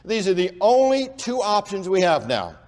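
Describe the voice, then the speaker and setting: A man with a notably high voice delivers a preaching lecture, pressing each point hard and stretching out his key words. He runs phrases together with barely a breath between them. His voice carries a long reverb tail, as from a large hall. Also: sing-song, a little mellow. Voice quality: says he has a speech impediment and talks without pausing for breath. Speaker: creationist speaker.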